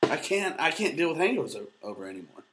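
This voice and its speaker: A man's voice: a little high, quick pace. A man in his thirties co-hosting a casual podcast, joking and swearing freely. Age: 30s. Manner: animated, crude and joking. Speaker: co-host.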